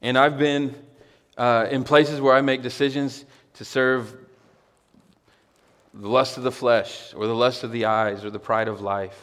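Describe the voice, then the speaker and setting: A man's voice: mid-range voice, flat delivery, unhurried, a bit bright, big-room sound. A male pastor preaching a sermon to his congregation, talking conversationally and building to emphatic, repeated exclamations. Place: church hall with a congregation.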